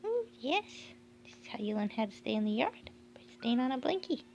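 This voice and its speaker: A woman filming her cats at home, talking to them in soft whispers and baby talk, with frequent laughs. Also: a little high, sing-song, brisk, muffled recording, slight background noise. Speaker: cat owner filming her pets. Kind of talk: casual baby talk to pets. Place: home, indoors.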